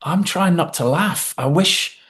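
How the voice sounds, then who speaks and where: Lively man telling stories. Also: on the high side, unhurried. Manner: animated storyteller, acts out quotes with swearing. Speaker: guest actor. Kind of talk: casual interview chat.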